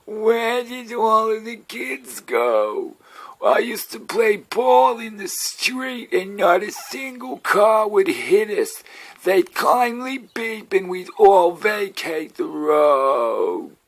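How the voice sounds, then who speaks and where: A man's voice: high-pitched, big pitch swings, takes it slowly, voice pushed up, heavily acted. Brief: Australian man as a cranky old-timer of ninety, reedy and raised, lamenting the kids. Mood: griping. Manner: complaining, nostalgic. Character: grumpy ninety-year-old man complaining about kids.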